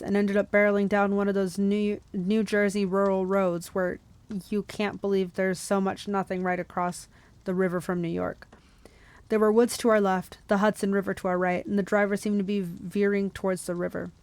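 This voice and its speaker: A woman's voice: mid-range voice, dry recording. Young woman reading a novel aloud. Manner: lively reading with laughs and asides. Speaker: book club host.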